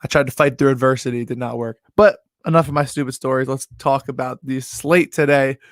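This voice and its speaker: A young man hosting a sports betting show, telling a rambling, animated story in casual talk full of "like" and "yo". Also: medium pitch, brisk, no echo, clean studio sound.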